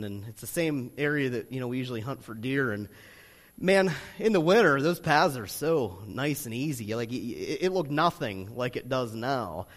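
A man preaching a sermon as pastor, talking in a loose, conversational way with lots of fillers, then pushing into loud, emphatic stretches. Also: medium pitch. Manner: conversational preaching full of "you know" fillers, rising to loud emphatic bursts. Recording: long hall reverb.

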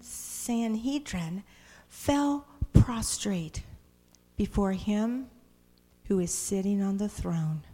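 A woman delivers a sermon in a church, reading scripture aloud with dramatic swings between loud cries and hushed, whispered lines. Her voice sits a little high and sounds breathy and husky. She takes her time, speaking slowly and deliberately. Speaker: preacher.

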